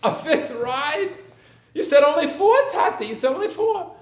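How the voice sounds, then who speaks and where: A man voicing whining, disappointed young children who protest loudly. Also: sing-song, fairly quick, roomy sound, full character voice. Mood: amazed. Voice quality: high, pleading, protesting.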